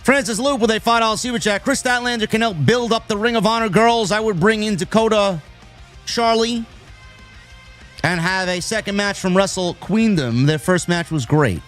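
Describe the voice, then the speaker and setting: A man's voice: high voice, moderate pace, fairly bright tone, soft background music. A man from New York who hosts a live stream, chatting casually and reading out viewer messages, with frequent restarts. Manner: rambling, restarts, reads viewer messages aloud. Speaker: host of a wrestling live stream.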